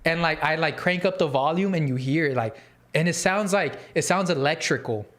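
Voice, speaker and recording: Man, somewhat high-pitched, casual storytelling, rambling and animated. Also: a little fast. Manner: animated, rambling with fillers and restarts. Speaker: podcast host.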